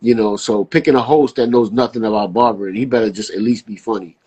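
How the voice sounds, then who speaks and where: Husky, animated male storyteller. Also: fast talker. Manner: animated storyteller, jumps high acting out quotes, casual slang. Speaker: podcast guest, barber. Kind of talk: casual podcast chat.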